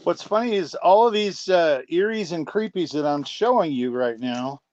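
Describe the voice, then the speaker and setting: A man in casual chat, speaking hesitantly and slowly with many ums and uhs. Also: fairly high pitch, lively intonation, a little mellow, dry recording. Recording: dull dry remote audio.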